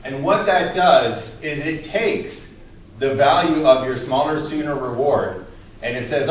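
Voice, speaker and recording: A man's voice: medium pitch, a little slow. A man talks through a college psychology lecture in a loose, chatty way, full of fillers. The sound is very roomy and echoing, with the voice set back from the mic and a faint hiss behind it. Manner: casual, many fillers, recounts scenes with quoted lines. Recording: roomy echo, voice from a distance, faint noise.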